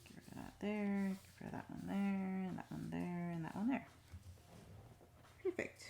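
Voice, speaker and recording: A woman chatting casually on a live stream while she draws, rambling to herself with many fillers and soft muttered asides. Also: mid-range voice, fairly even intonation, normal speed, vocal fry, slight background noise. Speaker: streaming digital artist.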